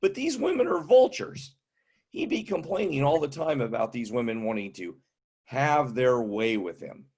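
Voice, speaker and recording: Husky fifty-something stand-up comic. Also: male voice, medium pitch, moderate pace. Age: 50s. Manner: wry, deadpan setups. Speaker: stand-up comedian. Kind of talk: stand-up comedy.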